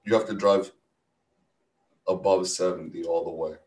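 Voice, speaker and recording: A man's voice: low voice, fairly even intonation, moderate pace, darkish tone, roomy sound, recorded from a distance, low-quality recording. A man from New Jersey in casual podcast chat, laid-back and enthusiastic. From New Jersey, USA. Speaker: podcast guest.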